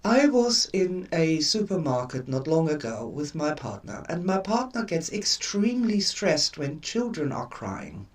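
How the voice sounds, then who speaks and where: An older woman hosting a live stream, telling stories in an expressive way and repeating words for emphasis. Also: sits low, unhurried, few pauses, distant mic. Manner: expressive storyteller with emphatic repetition. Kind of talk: casual spoken talk.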